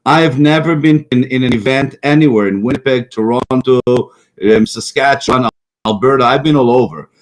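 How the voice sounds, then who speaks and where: A middle-aged man talking loosely on a political chat show. He rambles from thought to thought, mocks his opponents and doubles back on his own words. His voice sits at an ordinary pitch. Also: moderate pace, rough recording. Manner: rambling, mocking, repeats himself. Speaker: talk show co-host.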